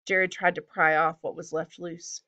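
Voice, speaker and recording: A woman narrates a children's fantasy book in a steady, even manner. Her voice sits a little low but sounds bright and crisp. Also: moderate pace, highs cut off. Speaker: audiobook reader. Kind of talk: storybook narration.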